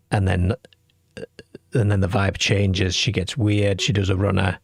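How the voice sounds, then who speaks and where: A man from the UK hosts a late-night call-in radio show. His voice sits low, with a gravelly, husky grain. He talks in a chatty way and reads listener comments aloud, recorded dry and close to the mic. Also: little pitch movement, unhurried, dry recording. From United Kingdom.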